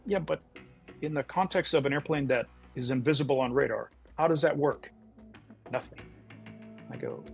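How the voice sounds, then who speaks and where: A man's voice: fairly high pitch, vocal fry. A middle-aged man, a podcast guest, telling a story in conversation and acting out the voices of the people in it.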